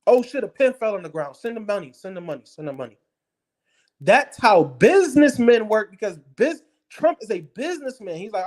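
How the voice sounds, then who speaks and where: This is a combative monologue, blunt and full of profanity, that keeps repeating its points for emphasis. The speaker talks straight at the viewer in a heated rant, at a middling pitch. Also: very animated, brisk, darkish tone. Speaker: political commentator.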